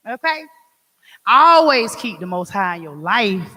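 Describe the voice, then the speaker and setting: A woman's voice: fairly high pitch, sing-song, unhurried, pauses often, pushed and bright. Emphatic woman speaking in an echoey hall. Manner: emphatic, preacherly, call-and-response asides. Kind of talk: motivational talk to an audience.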